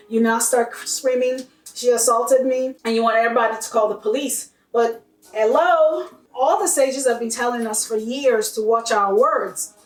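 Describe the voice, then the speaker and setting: Woman, high voice, blunt and fiery monologue, off-mic in an echoey room. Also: far from the mic. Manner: blunt, heated and profane, mocking others in quoted voices. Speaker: vlogger. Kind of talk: impassioned monologue to camera.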